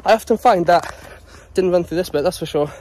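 Man vlogging outdoors, rambly, winded, slightly higher voice, phone camera. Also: brisk, darkish tone, a little hiss or hum. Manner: rambling, chatty, talking while jogging. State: out of breath. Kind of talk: casual vlog chat. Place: outdoors on a dog walk.

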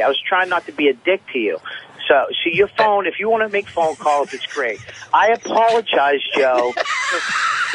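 A man's voice: a little high, a bit bright, poor audio. A man calling in to a radio show from a stairwell and then the street, irritated and profane, talking over the others. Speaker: caller. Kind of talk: radio call-in banter. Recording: call-in line with background noise.

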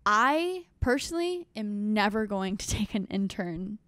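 A young adult woman hosting a podcast, talking in an animated, rambling way full of fillers and restarts. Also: mid-range voice, a little slow, dry recording, clean studio sound. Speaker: podcast host. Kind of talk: casual chat.

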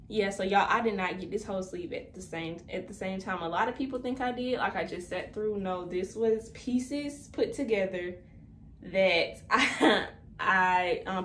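A young woman in her twenties chatting casually to viewers in a vlog, a little out of breath, saying "y'all" often. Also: mid-range voice. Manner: chatty, addresses viewers as "y'all", many fillers. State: slightly out of breath. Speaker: vlogger. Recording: echoey room, faint background noise.

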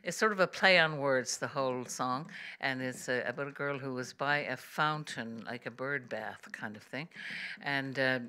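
A woman's voice: rumbling low, moderate pace, sharp tone, clean tone. A woman folk singer, chatting to a live audience between songs, with many ums and uhs and easy laughs. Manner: chatty and self-amused, full of ums and uhs, laughs easily. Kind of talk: live concert stage banter between songs. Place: live arts venue with an audience.

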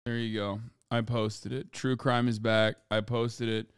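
A man's voice: medium pitch, little pitch movement, measured pace, smooth, no room sound, studio quality. A man streaming in casual chat, loose and offhand, swearing freely.

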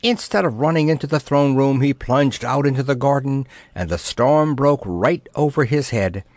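A man narrating a children's storybook in an expressive, playful way. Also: medium pitch, moderate pace, no echo. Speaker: audiobook narrator.

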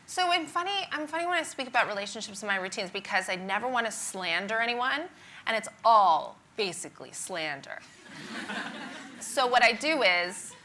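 A Canadian-born woman in her thirties whose accent has softened after years in Britain. Her bright tone carries chatty, self-mocking stories about her life, and a faint room hum sits under the talk. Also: medium pitch, expressive. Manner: chatty, wry, self-deprecating, quick asides. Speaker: stand-up comedian, interview guest. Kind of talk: onstage interview. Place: conference stage before an audience.

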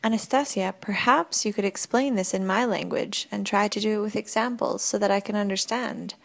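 Woman narrator as a doubting, excitable man; slightly gravelly voice, quick questions. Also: mid-range voice. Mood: questioning. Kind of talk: audiobook reading.

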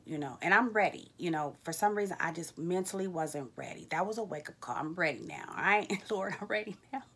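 A woman, telling a candid personal story to her vlog viewers, jumping up high when she acts out her own reactions. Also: breathy edge. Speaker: vlogger.

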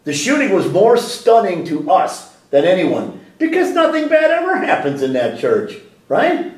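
A man's voice: sits high, big pitch swings, a little slow, a little mellow, echoey room, far from the mic, low-quality recording. A man giving a sit-down interview in a library room, talking animatedly with frequent restarts and rhetorical questions. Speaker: interview guest.

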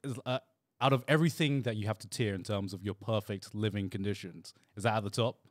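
A man's voice: lowish voice, fast talker, no echo, studio quality. A man co-hosting a podcast who teases and asks questions in casual chat. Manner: teasing, lively questioner. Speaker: podcast co-host.

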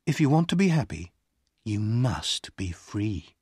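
Storybook narrator for english learners, breathy voice, pitch all over the place. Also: big pitch swings, unhurried, a little mellow, no room sound, studio quality. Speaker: audiobook reader. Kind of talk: slow scripted narration for learners.

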